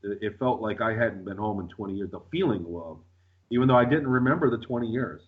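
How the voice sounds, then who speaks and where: A man's voice: lowish voice, fast talker, phone-quality sound. A man telling his story as a radio interview guest, rambling with lots of fillers and restarts.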